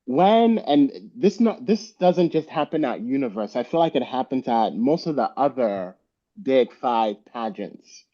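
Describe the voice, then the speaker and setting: A male guest on a video chat speaks slowly and emphatically, hammering his points home. His tone is mellow and a little high, and the call audio sounds slightly muffled. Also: lively intonation. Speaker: guest panelist. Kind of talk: casual group video chat.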